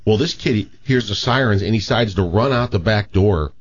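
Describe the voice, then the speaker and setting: A man's voice: fairly low pitch, normal speed, muffled recording. A man telling a story in casual chat, with many restarts.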